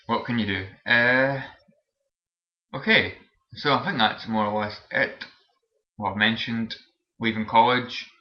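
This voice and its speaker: A young man from Scotland with a Scottish Borders accent, chatting casually in a vlog and rambling with lots of fillers and restarts. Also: fairly low pitch. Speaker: vlogger. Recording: roomy, dull lo-fi webcam audio.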